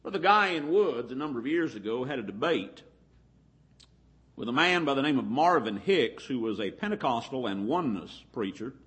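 A man preaching a Bible lesson, reading scripture and quoting at length, slowing down to stress key words. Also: medium pitch, expressive, a bit bright. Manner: deliberate, stretches key words slowly.

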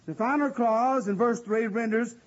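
A man preaching a sermon and explaining scripture in an earnest, conversational way, often pausing with "uh.". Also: very high voice. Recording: dull lo-fi recording.

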